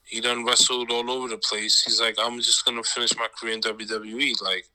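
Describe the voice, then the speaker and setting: A man in casual chat, talking in a relaxed, slangy way. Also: medium pitch, brisk, rough recording.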